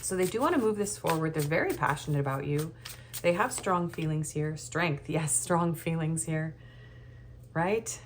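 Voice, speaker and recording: A low-voiced woman delivers a casual tarot reading at normal speed, her tone animated yet nervous. She rambles and hesitates with lots of ums, and there's slight background noise.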